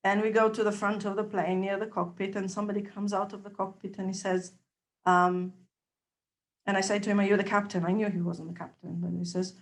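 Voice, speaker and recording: A woman giving a testimonial, telling a personal story in an animated way, moving between soft asides and emphatic lines. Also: medium pitch, brisk. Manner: animated, acts out dialogue, loudness swings between soft and emphatic. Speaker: trainee observer giving a testimonial.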